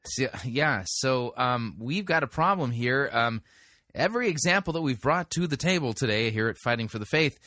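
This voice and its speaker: A man's voice: medium pitch, animated, normal speed, bright, forceful tone, no echo. Man reading scripture, dry close sound. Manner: corrective, reads scripture aloud. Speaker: host reviewing a sermon. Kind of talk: critical commentary with scripture reading.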